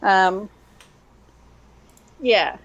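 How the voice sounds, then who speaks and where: Woman co-host, mid pitch, chatty and rambling over slightly muffled audio. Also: expressive, extremely slow, gravelly. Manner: rambling, thinks aloud with many fillers. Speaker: stream co-host. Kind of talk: casual chat while playing online mahjong.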